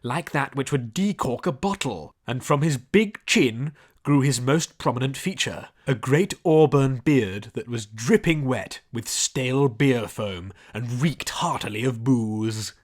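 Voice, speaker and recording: Brief: male storybook narrator, mid-pitched, descriptive reading. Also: expressive, measured pace. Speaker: audiobook narrator.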